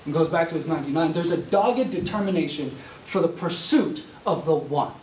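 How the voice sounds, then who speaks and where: A man preaching a sermon as a student, telling a parable with lively storytelling and acted-out voices. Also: on the high side, fairly quick. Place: university classroom. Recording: echoey classroom, mic far off, faint hiss.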